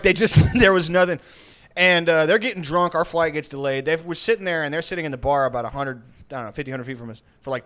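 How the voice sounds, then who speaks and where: Bright-voiced man telling a comic story. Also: on the high side. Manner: storytelling with laughs and put-on voices. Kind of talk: casual comedic chat.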